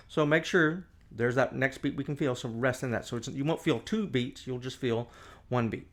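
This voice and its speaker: A man's voice: mid-range voice, normal speed. A man giving a casual music lesson to camera, explaining phrasing and scatting melodies with nonsense syllables, recorded indoors on a camera mic. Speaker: music teacher. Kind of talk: casual instructional talk. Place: indoor room, camera on tripod.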